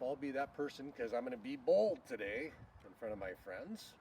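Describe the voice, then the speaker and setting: A man leading a children's Bible school, teaching a game slowly and leading shouted call-and-response lines. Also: mid-range voice. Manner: slow, animated, leads shouted call-and-response. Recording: distant mic with faint noise.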